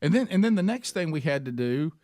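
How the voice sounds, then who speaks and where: A man hosting a radio talk show, telling a lively story and acting out the other people in it. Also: fairly high pitch, a little fast, no room sound, clean studio sound. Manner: animated storyteller, mimics voices in quotes. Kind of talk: casual chat, storytelling.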